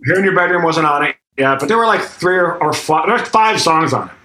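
Animated man telling a story, echoey room. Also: a little high, quick pace. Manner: animated storyteller acting out quotes, swears freely. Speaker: guest drummer. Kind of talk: casual storytelling interview. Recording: echoey room with faint noise.

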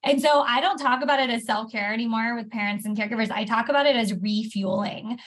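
A woman's voice: fairly high pitch, quick pace. A woman therapist in a podcast interview, walking through steps one by one with everyday examples. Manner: warm explanatory, walks through steps with examples. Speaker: therapist guest.

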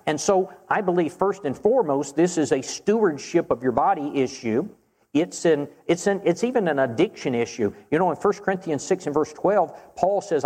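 A man preaching and answering Bible questions in an earnest, measured way, slowing down to stress key phrases. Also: on the high side, darkish tone, husky. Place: church auditorium. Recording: long reverb of a church hall.

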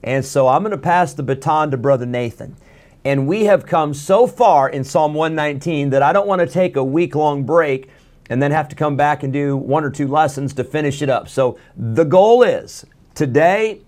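A man leads a daily Bible lesson in a relaxed, conversational tone. His voice sits a little high, and he often pauses on fillers as he explains the verses. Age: adult. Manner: folksy, chatty, many uh fillers. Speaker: Bible teacher.

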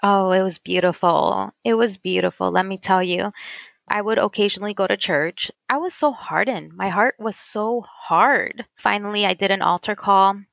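In an interview, a woman guest gives a tearful, earnest faith testimony, repeating phrases for emphasis. Her mid-range voice has vocal fry and a fairly bright tone, moves at a moderate pace, and is recorded dry.

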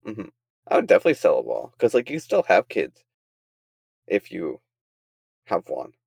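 A young man co-hosting a podcast, teasing and cracking quick jokes in crude casual chat. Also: low voice, huge pitch swings, vocal fry, darkish tone, breathy edge, no echo, clean studio sound. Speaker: podcast co-host.

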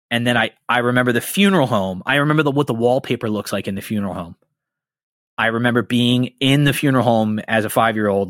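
A man chatting on a podcast, his voice mid-pitched and set close to a dry mic. He tells personal stories candidly, swears freely and gets heated about what upsets him. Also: fairly bright tone, no echo. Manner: candid, profane, heated storytelling. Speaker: podcast host. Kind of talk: casual podcast chat.

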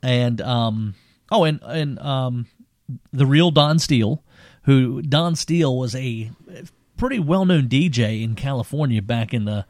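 A man co-hosting a podcast, chatting casually about an old cult film, rambling and animated and laughing often. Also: mid-range voice, measured pace, dry recording, studio quality. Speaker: podcast co-host.

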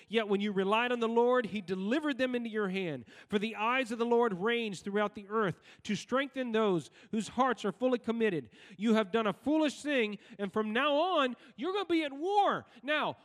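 The long reverb of a church sanctuary surrounds a male pastor's extremely high-pitched, fairly bright voice as he preaches. Throughout the sermon he asks the congregation questions and waits for their replies.

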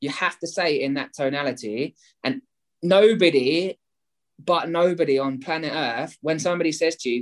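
A man's voice: fairly high pitch, normal speed. A man talks through his approach with lots of energy. He keeps slipping into acted phone conversations, playing both sides. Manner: animated, acts out both sides of calls. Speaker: property investment guest. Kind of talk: energetic explanatory talk with role-played phone calls.

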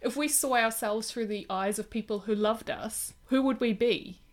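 A woman co-hosting a podcast, in casual film discussion, talking in an animated way and retelling scenes with lively emphasis. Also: fairly high pitch, moderate pace. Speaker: podcast co-host.

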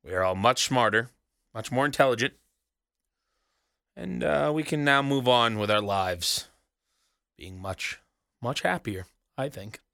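A man's voice: medium pitch, a little slow, gravelly, pauses often, sharp tone, dry recording, clean studio sound. A man hosting a solo wrestling recap show, rambling and sarcastic, swearing casually as he talks alone in a small booth. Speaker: wrestling podcast host.

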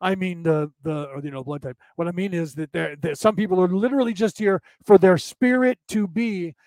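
A man's voice: sits high, a little fast, a little mellow, no echo. A man hosting a casual spiritual talk show, rambling, repeating himself and often asking "right?" as he reads comments from his listeners. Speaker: podcast host.

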